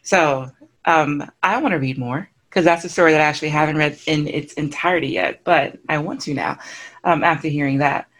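A woman's voice: sits low, a bit bright. A woman hosting a podcast, chatting in an enthusiastic, casual way. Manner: enthusiastic, chatty, quick to laugh. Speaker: podcast host.

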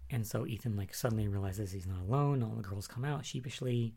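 A man's voice: fairly low pitch, normal speed, dark tone. Chatty man rambling through a recap. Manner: chatty, rambling with many fillers and asides. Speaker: recap vlogger. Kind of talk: casual episode recap.

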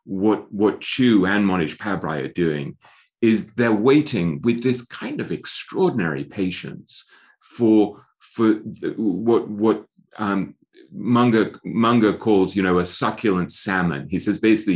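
This middle-aged man is an author being interviewed, and he's reflective, frequently starting sentences over. He speaks in a low, slightly mellow voice, a little on the slow side.

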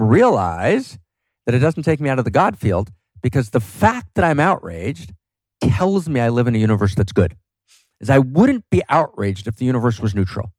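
A man's voice: medium pitch, a little mellow, no echo. A man talking as a podcast guest, passionate and emphatic, often checking in with "right?". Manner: fervent, emphatic, frequent "right?" tags. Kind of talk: passionate philosophical talk.

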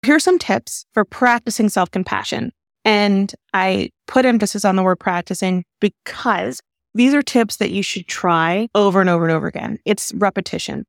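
A woman therapist hosting a podcast, calmly explaining advice in an earnest way. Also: lowish voice, no echo, clean studio sound. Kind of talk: advice talk.

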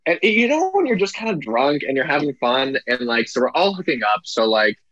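A man's voice: a little high, sing-song, a little fast, fairly bright tone, no echo. Man guest, blunt and crude storyteller, dull dry video-call sound. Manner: candid, crude, laughing storyteller. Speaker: podcast guest. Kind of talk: casual chat.

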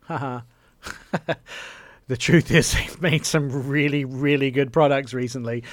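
A man's voice: mid-range voice, steady tone, a little slow, no echo, clean studio sound. A man hosting a radio show, chatting casually and enthusiastically, with jokey asides.

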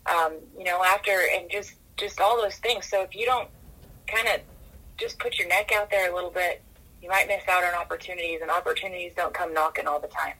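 A woman guest on a podcast, talkative and energetic, often restarting her sentences, who grew up in California. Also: lowish voice, brisk, breathy edge, poor audio. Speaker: podcast guest, rodeo commissioner. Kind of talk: casual interview talk.

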